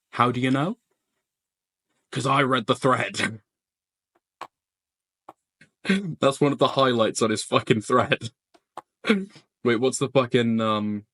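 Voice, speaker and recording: A man's voice: mid-range voice, fairly bright tone, no room sound. A man streaming his reaction to a debate, sarcastic and mocking, swearing often in casual commentary.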